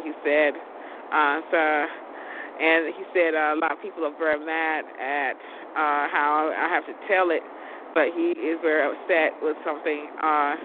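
Lady rambling on her own show, says stuff twice, restarts a lot, tinny phone sound. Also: deep voice. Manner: rambling, repeats words and restarts often. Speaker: show host. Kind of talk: rambling casual monologue. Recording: tinny phone-like audio with loud background noise.

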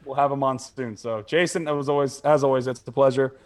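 A young man on a podcast he co-hosts swaps stories casually, profanity flowing and laughter breaking through as he acts out others' lines. His mid-range voice stays fairly even in intonation, and he talks a little fast.

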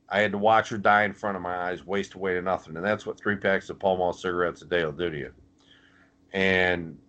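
A man's voice: deep voice, a bit bright. A middle-aged man from Canada, a former wrestler, telling a story bluntly on a casual podcast, with plenty of swearing and quoted voices.

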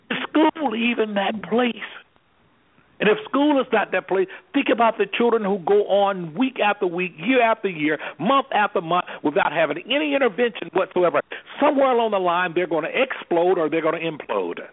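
Man, anger management specialist, radio interview guest, husky voice, preacherly rhetorical questions, phone-like sound. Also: high-pitched, expressive, moderate pace. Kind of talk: impassioned talk-radio interview.

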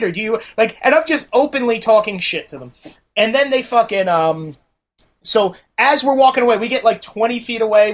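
A man, a podcast guest, telling a profane story in casual talk and acting out the voices of the people in it. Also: high voice. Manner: animated, acts out quoted voices.

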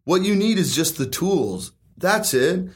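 A man's voice: sits high, sing-song, unhurried. A confident man who invests in and teaches real estate, talking in an emphatic, persuasive way with rhetorical questions. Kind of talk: casual chat.

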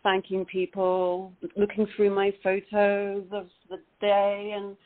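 A woman's voice: medium pitch, monotone, slow. A woman with a British accent, an actress interviewed on a video call, chatty and self-deprecating. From Britain. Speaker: actress guest. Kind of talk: interview chat. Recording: tinny phone-like line.

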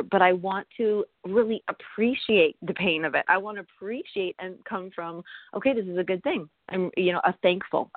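A woman's voice: medium pitch, no room sound. Chatty woman on a tinny call line. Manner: animated and chatty, laughs often. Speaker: interview guest, author and nutritionist. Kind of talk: casual interview conversation.

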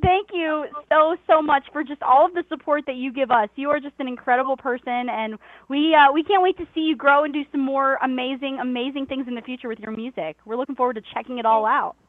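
A woman's voice: sits high, fast talker, dry recording. A young woman in her twenties hosting a radio call-in show, bubbly and gushing, laughing often. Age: 20s. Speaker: host. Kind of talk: casual radio call-in chat. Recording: dry, phone-like radio sound.

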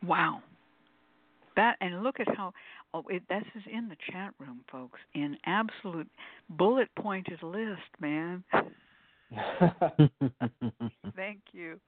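A woman co-hosting a radio call-in show, chatty and quick to laugh, often going off on tangents. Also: on the low side, expressive, no room sound. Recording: dry phone-line audio.

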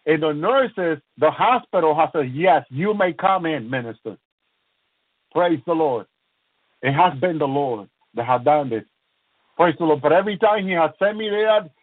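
Fervent high-voiced man preaching over a phone line. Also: no echo. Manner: fervent, peppered with praise exclamations and restarts. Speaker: minister. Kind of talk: preaching testimony. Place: lives in the United States. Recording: thin phone-line radio broadcast sound.

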